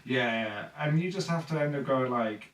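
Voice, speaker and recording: A man's voice: medium pitch, moderate pace, fairly bright tone, echoey room, distant mic, slight background noise, low-quality recording. A man chatting casually on a podcast about running tabletop games, rambling with lots of fillers and acting out players' lines. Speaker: dungeon master guest.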